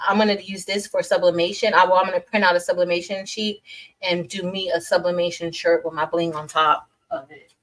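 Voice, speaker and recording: A woman's voice: lowish voice, level tone, brisk, rough recording. A young woman hosting a casual craft livestream, chatting loosely, trailing off and restarting sentences as she greets viewers by name.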